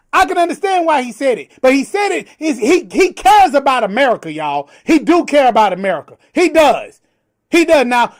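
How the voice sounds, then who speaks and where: A man with an unusually high voice co-hosts a casual political talk stream. He gets heated and animated, rambling along in folksy slang and drawing out his points. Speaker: co-host.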